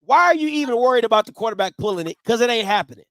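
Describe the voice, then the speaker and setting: Man, high voice, dry close sound, sports talk host, emphatic, repeats himself. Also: lively intonation, rapid-fire, a bit bright, no echo. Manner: emphatic, repeats points for stress. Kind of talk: casual sports debate.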